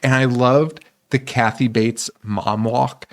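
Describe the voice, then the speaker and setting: A man co-hosting a casual horror movie podcast, animated, laughing often and swearing freely. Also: medium pitch, slow pace, slight background noise. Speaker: podcast co-host.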